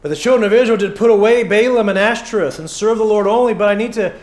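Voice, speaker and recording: A man's voice: sits high, fast talker, a little mellow, reverberant. A man preaching a sermon in a church, conversational and joking, with many fillers and acted asides. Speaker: pastor. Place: church sanctuary.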